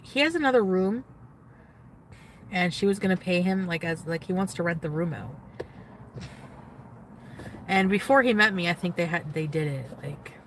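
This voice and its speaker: This young woman's voice sits lowish with a fairly bright tone, and there's slight background noise. As a social media influencer on a casual livestream, she rambles, full of "like" and trailing restarts.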